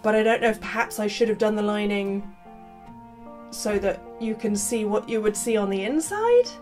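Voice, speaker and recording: A woman chatting casually through a sewing vlog, playful and quick to poke fun at herself. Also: mid-range voice, lively intonation, a little mellow, faint music behind. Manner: chatty, playful, self-mocking asides. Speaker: costume maker.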